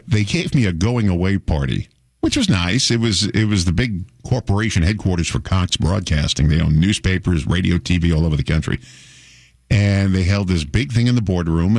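A man's voice: low-pitched, no echo, studio quality. A middle-aged man hosting a radio show, talking in a chatty, wry way and chuckling often. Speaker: radio host. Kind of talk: casual radio talk.

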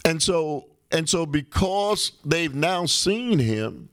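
A male talk radio host delivers a relaxed, conversational political monologue full of rhetorical questions. His voice sits on the high side, fairly bright and very animated, and the recording is dry.

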